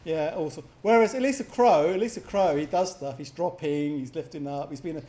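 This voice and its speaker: A man's voice: fairly high pitch, brisk, dark tone. A man casting a multiplayer strategy game in a loose, chatty way, laughing and teasing the players. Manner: chatty, laughs often, puts on silly voices for players. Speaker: game caster. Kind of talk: casual game commentary.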